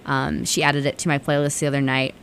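A woman's voice: a bass voice, brisk, gravelly, a little hiss or hum. A young woman hosting a late-night radio show, chatting casually with "um" fillers and reading a story aloud. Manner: relaxed, chatty, with frequent "um" fillers.

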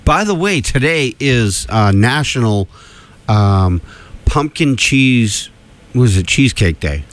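Man radio host, somewhat low voice, casual rambling chat, lots of fillers and laughs. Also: sing-song, unhurried.

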